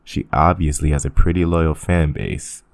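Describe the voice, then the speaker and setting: A man's voice: rumbling low, fairly even intonation, normal speed, dry recording, studio quality. A man hosting a commentary channel, ranting sarcastically with frequent laughs and swearing. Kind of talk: casual commentary rant.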